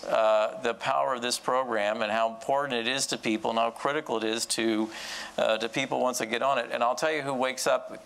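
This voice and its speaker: Animated male panelist telling a story. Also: medium pitch, brisk, creaky. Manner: animated storyteller, voice rises when quoting. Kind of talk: panel discussion with a long anecdote.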